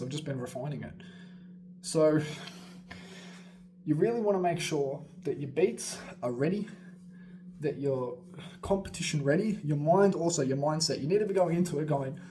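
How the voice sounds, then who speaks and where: A man talks through a casual beatbox lesson in a slightly high, excitable voice, swearing freely and laughing at himself. He rambles and moves around as he explains. A faint background noise sits under the recording. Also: normal speed, long pauses. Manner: energetic, swearing, laughing asides, jumping around while talking. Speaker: beatbox coach.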